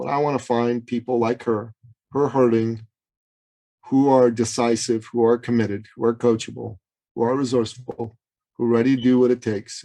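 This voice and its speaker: A male business coach from Iran recounting a client's story on a remote interview. His voice sits at a middle pitch and rises sharply when he acts out other people's lines. He talks with dramatic, storytelling energy. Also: gravelly, darkish tone, low-quality recording. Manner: dramatic, acts out quotes with big pitch swings. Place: Toronto. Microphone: remote call.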